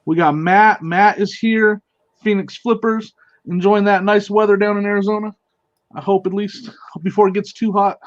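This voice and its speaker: Male stream host, high-ish voice, friendly chatter, dry muffled audio. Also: steady tone, moderate pace, no room sound. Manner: upbeat, greets chat viewers by name, laughs often. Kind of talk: casual live-stream chat.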